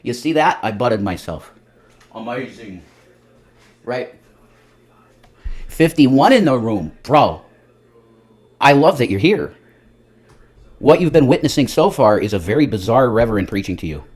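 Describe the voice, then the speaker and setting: A man's voice: mid-range voice, animated, normal speed, long pauses, husky. A man, a self-styled reverend, doing a rambling, profane comedic monologue on a livestream. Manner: profane, rambling, jumps between loud and muttered.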